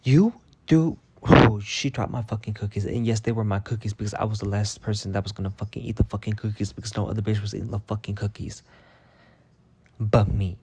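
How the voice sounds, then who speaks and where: A man's voice: fairly low pitch, flat delivery, quick pace, a little mellow, husky. A man telling a workplace story in a casual, heated rant, swearing constantly and sounding fed up. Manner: profane, heated and exasperated. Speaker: vlogger.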